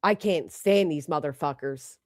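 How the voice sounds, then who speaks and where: A woman's voice: low voice, measured pace, no echo, clean studio sound. A middle-aged woman hosting a livestream, blunt and profane, reading out viewer names between heated remarks. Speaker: livestream host.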